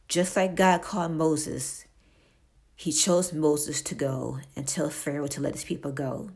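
Slow, low-voiced woman reading scripture. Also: gravelly, darkish tone. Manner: halting, with fillers and restarts. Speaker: Bible teacher. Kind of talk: Bible reading and devotional talk.

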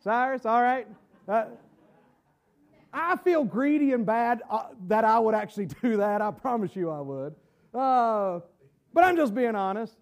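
A man preaching a sermon to his congregation, stumbling over repeated words and rising to shouts for emphasis. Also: very high voice, expressive, measured pace. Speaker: pastor. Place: church sanctuary. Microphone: camera-recorded.

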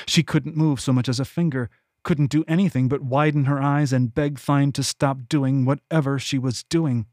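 A man narrating his own fantasy novel as a podcast audiobook, in measured, even storytelling. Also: medium pitch, no room sound, clean studio sound. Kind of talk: scripted narration.

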